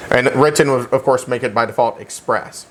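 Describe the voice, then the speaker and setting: A man teaching a real estate licensing class in an animated, joking way, often checking in with "okay?" and speaking. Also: medium pitch, a little fast, slight background noise. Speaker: real estate exam instructor. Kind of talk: classroom lecture.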